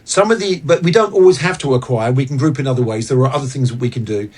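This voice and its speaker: A man guesting on an interview, explaining business ideas in an earnest, animated way. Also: mid-range voice, quick pace. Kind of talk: casual interview talk.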